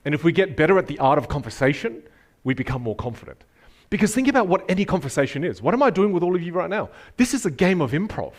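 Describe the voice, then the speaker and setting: A man giving a motivational workshop talk to a live audience, animated and emphatic, taking questions from the crowd. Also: fairly high pitch, fast. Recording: speech over loud background music.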